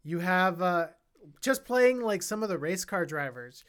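A podcast co-host in casual film review chat, talking in an animated, chatty way with many fillers and restarts. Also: mid-range voice, a little slow.

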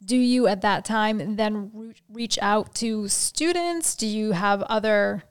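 A woman's voice: mid-range voice, slow, clear, resonant tone. A woman podcast host interviewing a guest, asking probing questions and rephrasing them as she goes.

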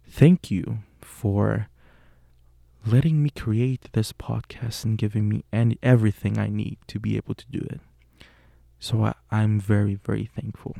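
Young male podcast host with a Puerto Rican accent, low and gravelly, slow and casual, full of fillers. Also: steady tone, mellow, dry recording, studio quality. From Puerto Rico. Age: young adult. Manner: unhurried, with frequent fillers and self-corrections.

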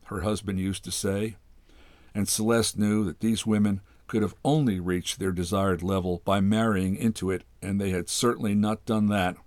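Low-voiced man reading a story aloud. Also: fairly even intonation, normal speed, dry recording. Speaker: host reading stories aloud. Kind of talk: literary short story reading.

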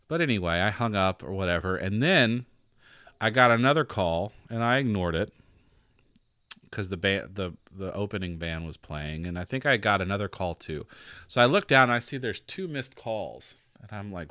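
A young man hosting a podcast, telling a personal story in a casual, animated way, acting out the voices of the people he quotes and laughing often. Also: on the low side, moderate pace, clean tone, no echo, studio quality. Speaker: podcast host.

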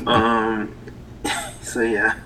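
A young adult man from Haiti with a Haitian accent, a guest in a casual interview, talking hesitantly with many pauses and restarts. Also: on the low side, flat delivery, a bit bright, rough recording.

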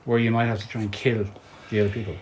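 A man's voice: lowish voice, flat delivery, racing, a little mellow. A man hosting a podcast in casual, joking banter with two friends. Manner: jokey, playful. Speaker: podcast host.

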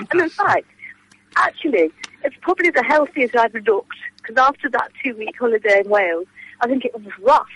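A woman's voice: fairly high pitch, animated, normal speed, a bit bright, husky, low-quality recording. An Englishwoman chatting on the radio by mobile phone from outdoors, rambling through anecdotes and laughing often. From England. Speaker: phone-in guest. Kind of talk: casual radio chat. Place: outdoors outside a coffee shop.

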